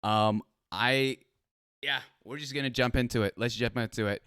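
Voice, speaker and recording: A man's voice: medium pitch, steady tone, moderate pace, a bit bright, clear, resonant tone, dry recording, studio quality. A man hosting a casual streamed interview, laid-back and easygoing, with plenty of affirming fillers. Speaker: host.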